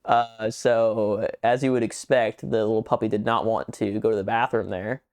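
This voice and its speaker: A young man co-hosting a podcast, telling a rambling story in casual chat, swearing a lot and getting animated as he retells it. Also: lowish voice, moderate pace. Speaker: podcast co-host.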